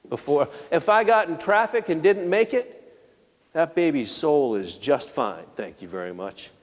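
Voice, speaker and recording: A male pastor with a medium-pitched voice gives a lively, conversational sermon, regularly throwing rhetorical questions at the congregation. The church sanctuary adds long, echoing reverb.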